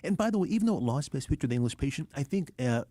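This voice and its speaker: A man's voice: a little high, very animated, dark tone, no echo. A man hosting a radio show, talking about films with enthusiasm and frequent restarts. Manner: enthusiastic, fast, many restarts. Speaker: radio host, film discussion. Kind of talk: casual radio talk. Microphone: studio microphone.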